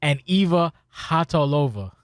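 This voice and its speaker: A man hosting a casual podcast, talking in an excitable, profane, rambling way. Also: a little high, a little slow, no room sound, studio quality. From Spanish heritage. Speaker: podcast host.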